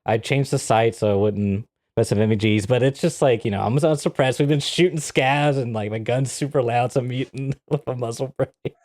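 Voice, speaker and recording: A podcast co-host with a mid-range voice talks fairly quickly with few pauses, in studio quality with no room sound. He tells a story casually, animated and laughing, acting out the quotes.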